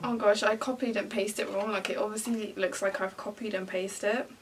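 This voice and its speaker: A woman's voice: medium pitch, fairly even intonation, fairly quick, far from the mic, faint music behind. A young woman vlogging casually to camera, giggling and bursting into laughter often. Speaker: beauty vlogger.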